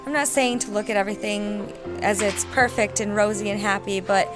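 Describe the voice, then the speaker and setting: A woman being interviewed backstage, talking earnestly and thoughtfully with pauses. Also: mid-range voice, steady tone, music in the background. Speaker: interview guest.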